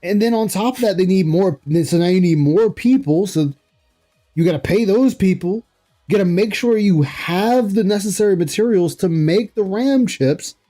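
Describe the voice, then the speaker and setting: Mellow-voiced man ranting on stream. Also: high voice, expressive, moderate pace, faint music behind. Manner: rambling, incredulous, laughs often. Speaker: livestream host reacting to an interview. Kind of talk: casual commentary reading chat.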